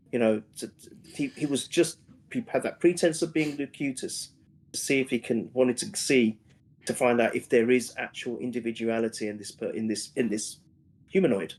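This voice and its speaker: A man co-hosting a casual discussion stream, talking eagerly with a husky voice and often repeating words as he starts over. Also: mid-range voice, a little mellow. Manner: enthusiastic, repeats words as he restarts.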